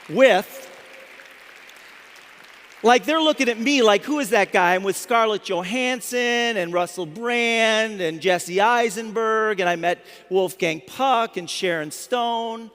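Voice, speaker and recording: A man in his fifties with a high voice, telling a story to a live audience as a motivational speaker. He talks in an animated way and often restarts his words. His voice rings with a long reverb from a large hall. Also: slow, a faint crowd.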